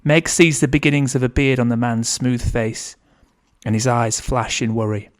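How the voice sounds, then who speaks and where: A man's voice: mid-range voice, steady tone, normal speed. Man reading his novel aloud. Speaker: author.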